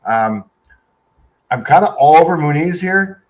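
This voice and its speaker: A man's voice: fairly high pitch, lively intonation. A man co-hosting a casual show about fight predictions, reading out stats bluntly and cockily. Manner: reads stats off quickly, blunt and cocky. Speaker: co-host picking fights. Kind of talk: casual chat.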